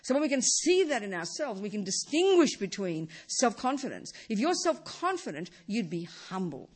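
Lively, husky-voiced woman giving a Buddhist talk. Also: moderate pace. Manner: emphatic, repeats words, restarts sentences; lively pitch, drops low and soft at phrase ends. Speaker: Buddhist teacher. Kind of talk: dharma talk.

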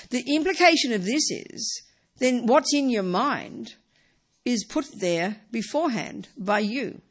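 A woman teaching a Buddhist lesson in an informal, emphatic way, often tossing in rhetorical tag questions and "you know" asides. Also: medium pitch. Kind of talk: informal dharma talk.

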